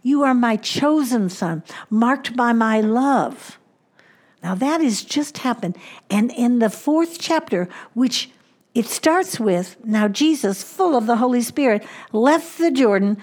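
A woman preaching a sermon, slowing down and dropping to a hushed voice on key points. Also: fairly high pitch, lively intonation. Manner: slows down for emphasis, drops to a hushed voice on key points.

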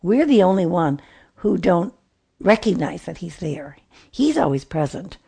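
A woman's voice: on the low side, very animated, measured pace, gravelly, mellow, breathy edge. A middle-aged woman hosting a Christian radio show from a studio, giving an earnest, reflective devotional talk with many restarts.

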